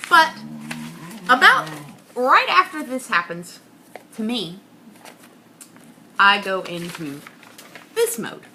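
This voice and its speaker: A young woman rants through a confessional comic monologue, mocking herself as she goes. Her voice is bright and tense. It swings from hushed whispers to high outbursts, over a faint background hiss. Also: sing-song, slow pace, pauses often.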